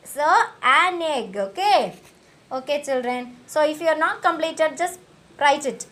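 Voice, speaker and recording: A woman's voice: sits high, lively intonation, a little slow, a bit bright. A woman, teaching a recorded lesson to young children and repeating each question and answer in a coaxing way. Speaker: school teacher.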